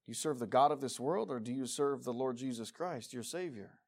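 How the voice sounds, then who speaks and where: A man preaching a sermon to his congregation, swinging between loud emphatic passages and quiet, intense rhetorical questions. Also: mid-range voice, a little fast, gravelly. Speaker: pastor. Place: church meeting room.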